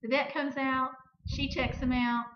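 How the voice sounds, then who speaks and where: A woman's voice: high-pitched, a little slow. Middle-aged woman telling a story in an echoey room. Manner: animated retelling that acts out both sides of an argument. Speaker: vlog host. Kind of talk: personal storytelling. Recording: echoey, dull-sounding room recording.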